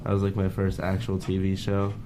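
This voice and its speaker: A man's voice: sits low, monotone, brisk, noisy background. A young man in his teens chatting offhand on a radio show, mumbling and hesitant, some way off the mic. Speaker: guest co-host. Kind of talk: casual chat. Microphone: mic set far from him.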